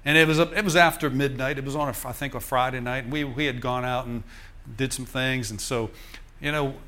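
Older man preaching an animated testimony. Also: medium pitch, fairly quick. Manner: animated storytelling with chuckles, addressing the congregation. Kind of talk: sermon testimony. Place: church.

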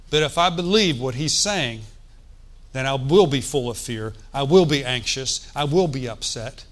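A man's voice: mid-range voice, animated, moderate pace. A man preaching a sermon in a conversational, folksy way, with joking asides and calls for the congregation to answer. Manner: asks the congregation for responses.

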